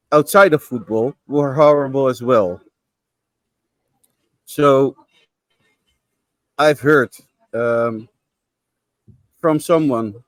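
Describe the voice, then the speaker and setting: A man's voice: medium pitch, dry recording. A man co-hosting a football podcast, giving frank, opinionated views with some repeated words. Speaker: podcast co-host. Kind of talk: casual football podcast chat.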